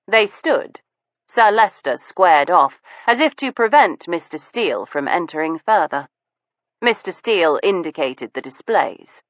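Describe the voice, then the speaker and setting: A woman narrating an audiobook in an unhurried, even manner, in a dull, lo-fi recording. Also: sits low, no echo. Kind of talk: scripted narration.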